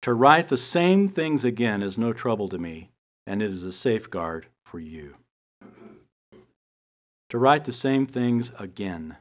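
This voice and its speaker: A middle-aged man teaching from the Bible, telling personal stories in a relaxed, humorous way. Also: medium pitch, a little slow, long pauses. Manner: conversational storytelling with humor.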